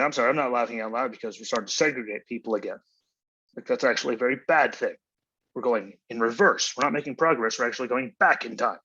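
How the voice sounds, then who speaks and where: A man's voice: mid-range voice, fairly bright tone, slightly rough, dry recording, dull audio. A man hosting his own show, delivering an angry, profane, exasperated solo rant. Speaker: podcast host.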